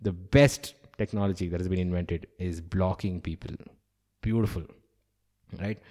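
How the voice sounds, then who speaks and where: A man's voice: low voice, steady tone, normal speed, mellow. A man, a stand-up comedian, talking in a candid, opinionated podcast monologue and swearing freely.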